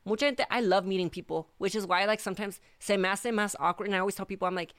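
A woman's voice: medium pitch, fairly even intonation, fast talker, a bit bright. A young woman from Michoacán with a Mexican accent, chatting casually between English and Spanish, joking and tough-talking.

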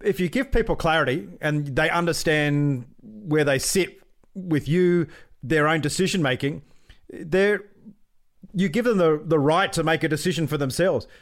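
A thoughtful podcast co-host who muses aloud and cracks light jokes. His voice sits a little higher than most men's. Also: moderate pace. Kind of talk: casual chat.

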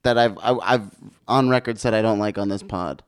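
A man co-hosting a podcast in casual chat, who talks in an animated way and fires off incredulous questions. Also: fairly low pitch, normal speed, clean tone. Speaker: podcast co-host.

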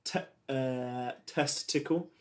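A man's voice: mid-range voice, takes it slowly, darkish tone. A man co-hosting a podcast, talking dryly and hesitantly in casual banter. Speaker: podcast co-host. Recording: noisy with clicks.

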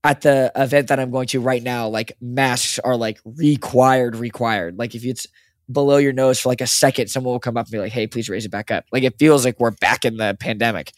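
A young man co-hosting a podcast, chatting casually and excitedly, swearing and saying "like" and "dude" a lot. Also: mid-range voice, a little fast, no echo, studio quality. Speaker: podcast co-host. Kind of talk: casual chat.

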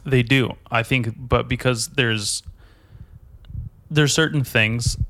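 A man's voice: mid-range voice, steady tone, slow pace, fairly bright tone. A man hosting a podcast, trading sarcastic, crude jokes in casual banter. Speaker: podcast host.

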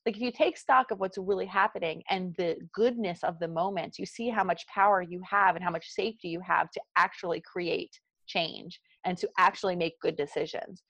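Woman, South Jersey accent, forties, meditation guide, earnest, animated, dry close sound. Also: fairly low pitch, fairly quick, hardly any pauses, no room sound. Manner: earnest and animated, talks through examples. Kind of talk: podcast interview.

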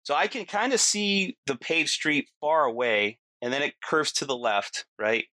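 Man telling a story, bright and dry. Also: on the high side, unhurried, no echo. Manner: animated, acts out quotes, frequent "you know" and "right". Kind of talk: casual storytelling chat.

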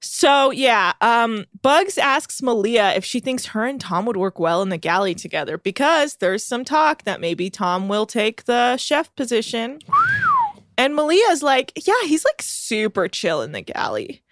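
A woman's voice: on the high side, lively intonation, unhurried, a bit bright, dry recording, studio quality. A young woman from the Bay Area co-hosting a podcast, recapping a reality show in casual, swearing chat full of mock quotes. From San Francisco Bay Area. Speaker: podcast co-host.

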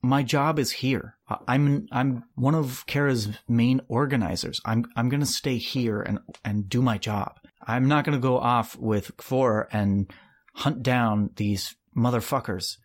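A stubborn middle-aged woman organizer, loyal to her post and quick to curse, speaks at an ordinary pitch, as a game master puts her on at the table. She is blunt and plainly unwilling to be told what to do. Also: fairly even intonation, lightly acted. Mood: firm. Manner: blunt, swears.

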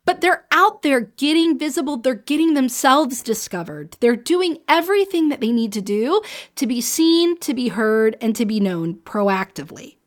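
Brief: woman, higher-pitched voice, solo podcast host coaching business owners, chatty and emphatic, laughs often. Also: animated, normal speed.

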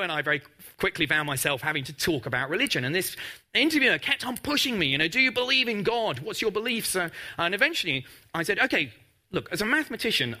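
A man's voice: sits high, pushed and bright. A man who is a mathematics professor giving a public lecture with slides, chatty and wry, with frequent ums and uhs. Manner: wry, self-deprecating humour.

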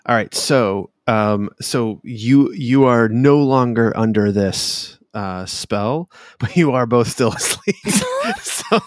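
A man's voice: medium pitch, lively intonation, takes it slowly, few pauses, no echo, clean studio sound. A man narrating as game master of a tabletop game, talking hesitantly with many fillers.

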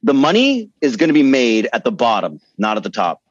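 A man's voice: medium pitch, wildly swooping pitch, fairly quick, dry recording. A man co-hosting an interview, earnestly asking long follow-up questions about his own experience. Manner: earnest, talks through his reasoning at length. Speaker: co-host. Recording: dry, dull lo-fi audio.

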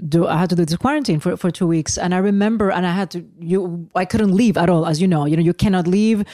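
A woman hosting a casual chat, telling stories with animated emphasis and laughter. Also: lowish voice, quick pace, dry recording, studio quality.

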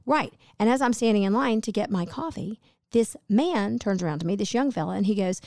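A woman's voice: medium pitch, quick pace, vocal fry, darkish tone, dry recording, clean studio sound. A middle-aged woman chatting with her husband, rambling through a story in a chatty way. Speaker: co-host, host's wife. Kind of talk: casual chat.

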